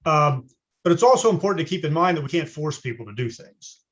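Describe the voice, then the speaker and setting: A man running for city office answers in a measured, hesitant manner, with frequent uhs. His voice sits a little high, and it comes through dull, lo-fi video call audio. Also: animated, a bit bright. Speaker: city council candidate.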